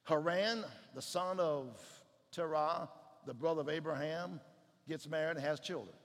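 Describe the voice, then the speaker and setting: A man preaching a sermon, swinging from shouted climaxes to hushed, low passages. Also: measured pace, long reverb tail.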